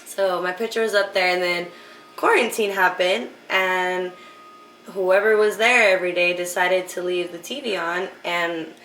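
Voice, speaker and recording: A woman's voice: lowish voice, unhurried, a little hiss or hum. Young woman guest, chatty candid storyteller, frequent laughs; distant mic in an echoey room. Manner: laughs often, fills with "like", drops to a hush for quoted lines. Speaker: interview guest. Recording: roomy echo, off-mic.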